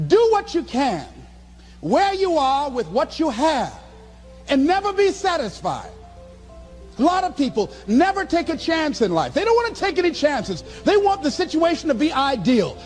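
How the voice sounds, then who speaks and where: Male motivational speaker, very high lively voice, preacherly, playful asides. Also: moderate pace, faint music behind. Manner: animated, preacherly, acts out voices and chuckles. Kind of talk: motivational speech to an audience.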